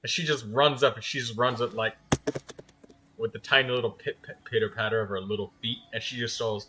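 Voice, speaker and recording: A man's voice: mid-range voice, a little fast, pushed and bright, a little hiss or hum. A man streaming a game, chatting casually, swearing and laughing at his own jokes. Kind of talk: casual gameplay commentary.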